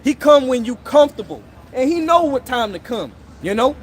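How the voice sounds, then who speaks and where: High-voiced man preaching on the street. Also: big pitch swings, moderate pace, slight background noise. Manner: peppers every phrase with "all right?" and "okay?"; scolding, accusing listeners directly. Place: outdoors on a city street.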